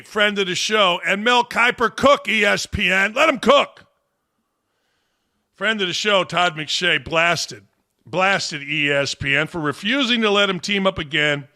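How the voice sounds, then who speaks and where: A man's voice: high-pitched, unhurried, bright, forceful tone. A man hosting a sports talk show, ranting bluntly and scornfully in an exasperated way. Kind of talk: opinionated podcast rant.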